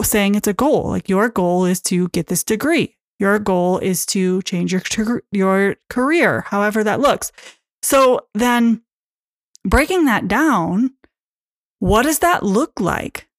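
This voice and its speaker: A woman's voice: mid-range voice, dry recording, clean studio sound. A woman hosting a casual solo podcast as a coach, chatty and full of fillers, acting out her own inner thoughts.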